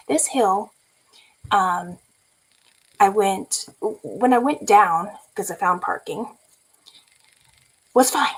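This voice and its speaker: A woman's voice: mid-range voice, husky, poor audio. A woman in her forties from California, telling a story in a casual vlog and laughing often. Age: 40s. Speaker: vlogger.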